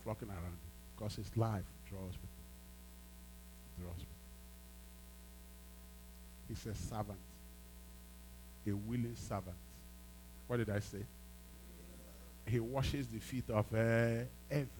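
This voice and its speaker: A man's voice: fairly low pitch, steady tone, measured pace, pauses often, noisy background. A man preaching a sermon as a pastor, emphatic, repeating phrases and prompting his congregation.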